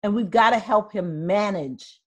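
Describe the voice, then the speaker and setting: Older woman, podcast host, husky breathy voice, casual storytelling, mid pitch. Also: measured pace. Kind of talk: casual interview chat.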